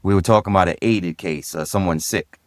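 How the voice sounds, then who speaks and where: Easygoing New man, low and dry. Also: fairly quick, dry recording. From Brooklyn, New York. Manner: easygoing and direct, animated when recounting dialogue. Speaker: guest, former police sergeant and DJ. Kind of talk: casual storytelling in a podcast interview.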